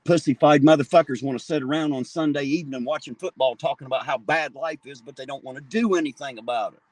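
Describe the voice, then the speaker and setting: A man's voice: on the high side, quick pace, a little mellow, no echo. Fired-up profane man ranting. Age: 40s. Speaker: livestream host. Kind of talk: angry street livestream rant.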